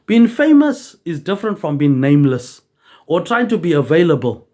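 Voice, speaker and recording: A man's voice: a little high, sing-song, normal speed, warm tone. A man rambling on in a loose monologue, swearing freely and tagging almost every line with "mate".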